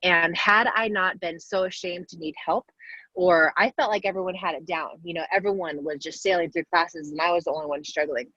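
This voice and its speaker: A woman's voice: fairly low pitch, fairly even intonation, brisk, no echo. A woman in her forties answering young players' questions in a casual, encouraging way, speaking directly to them. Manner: warm, upbeat, talks directly to the kids. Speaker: guest athlete answering questions. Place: video call. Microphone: video call. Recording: dull lo-fi video call audio.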